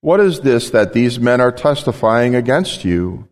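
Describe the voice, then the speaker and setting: Stern accusing high priest voiced by a male reader, pushes his questions, echoey hall. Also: very animated, unhurried. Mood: demanding.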